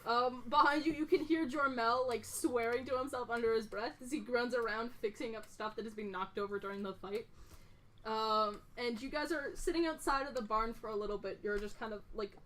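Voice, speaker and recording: A woman's voice: a little high, a little fast, a bit bright. A woman narrating as game master of a tabletop game, casual, full of fillers, swearing and laughing.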